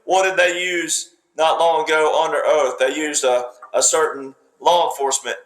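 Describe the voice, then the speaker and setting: A man with a fairly high, slightly bright voice delivers political commentary at normal speed, flat in delivery. He lectures emphatically, repeats himself, and talks in fragments. The recording has a roomy echo.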